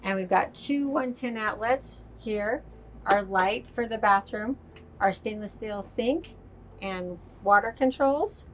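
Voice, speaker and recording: Brief: cheerful woman at mid pitch touring a motorhome, faint noise behind. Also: slow pace. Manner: upbeat, enthusiastic, chatty presenter. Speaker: RV sales expert giving a tour. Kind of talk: walk-through product tour. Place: inside a motorhome.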